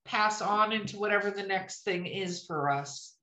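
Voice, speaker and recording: A woman's voice: mid-range voice, normal speed, bright, forceful tone. A woman hosting a podcast, asking questions in an easygoing, agreeable way. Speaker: podcast host. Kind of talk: casual interview. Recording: roomy echo.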